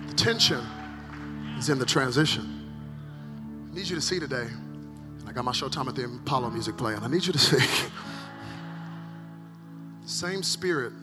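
A male pastor preaching a dramatic sermon at a conference, swinging between loud acted cries and hushed, intense passages. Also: fairly high pitch. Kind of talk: energetic sermon. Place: large conference hall. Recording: live sermon with hall reverb and faint music.

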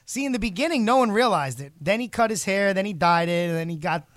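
Excitable high-voiced man, animated. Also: quick pace, no echo. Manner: excitable, laughs a lot, breaks into impressions. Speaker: co-host. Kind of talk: casual podcast chat.

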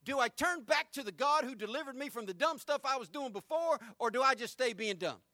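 A man preaching a folksy, emphatic sermon, rising to shouts at peaks. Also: very high voice, expressive, a little fast, dry recording, clean studio sound.

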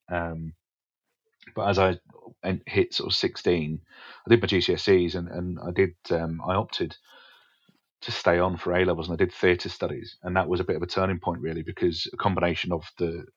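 An English man, a stand-up comedian, frankly recounting his teenage years in a podcast interview, swearing casually and pausing with fillers. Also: deep voice, husky, no echo. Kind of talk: candid interview storytelling. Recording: dull, dry podcast audio.

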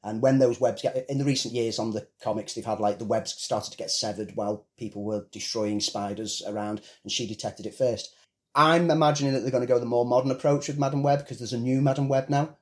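A man's voice: mid-range voice, steady tone, brisk. A British man hosting a casual film podcast, explaining movie news in detail. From Britain. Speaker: podcast host. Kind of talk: casual chat.

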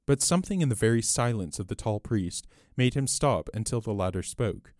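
Low-voiced man reading a story. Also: animated, normal speed, a little mellow, no echo, studio quality. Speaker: narrator. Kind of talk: scripted audiobook narration.

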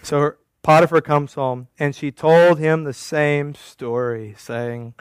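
Pastor guy, kinda high voice, chatty and wry, dry close sound. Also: measured pace, few pauses, clean tone, dry recording. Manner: conversational, wry, teasing the congregation. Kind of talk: sermon.

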